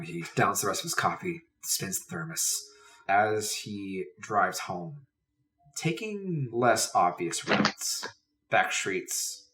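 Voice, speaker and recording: A man narrating a tabletop role-playing game as game master, in dramatic second-person narration. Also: fairly low pitch. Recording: distant mic with faint hiss.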